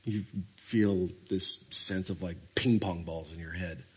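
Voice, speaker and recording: A man preaching a sermon, telling stories with lively energy and acting out scenes. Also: low voice, unhurried, slightly rough. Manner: animated storytelling, acting out scenes.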